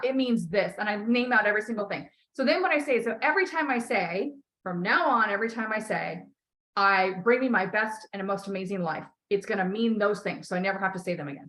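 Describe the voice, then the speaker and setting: A woman's voice: mid-range voice, fairly bright tone, rough recording. A woman coaching a client on a call, talking bluntly, swearing freely and encouraging her. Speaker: life coach.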